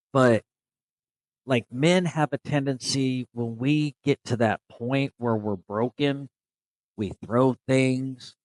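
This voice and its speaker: A man's voice: mid-range voice, no room sound, rough recording. A man co-hosting a podcast, speaking candidly and reflectively in casual conversation. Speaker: podcast co-host.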